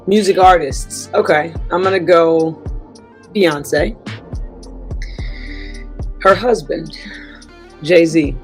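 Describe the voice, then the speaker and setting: A woman's voice: lowish voice, drawn-out words, long pauses, soft background music. Easygoing woman basketball coach. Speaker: basketball coach, podcast guest. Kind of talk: casual interview.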